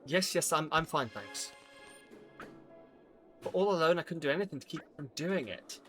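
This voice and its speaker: A man on a live stream playing a game, reading its dialogue aloud and thinking out loud, with lively delivery. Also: on the high side, normal speed, faint music behind.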